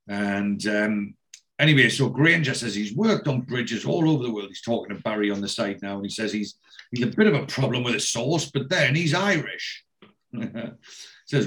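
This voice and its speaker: A man's voice: fairly low pitch, animated, normal speed, a bit bright. A man chats his way through a TV episode, retelling scene after scene. He slips in and out of the characters' voices, with plenty of restarts and "uh"s along the way. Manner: acts out each character's lines, with frequent fillers and restarts. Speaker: podcast host recapping a TV episode. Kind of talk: casual retelling.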